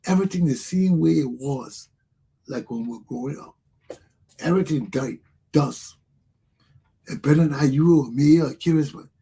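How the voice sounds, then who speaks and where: An older man rants through a talk show monologue, cursing and hammering the same points again and again. His voice sits high for a man and comes out husky and rough-edged. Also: moderate pace, pauses often, mellow. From Liberia. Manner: ranting, profane, repetitive. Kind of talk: angry monologue.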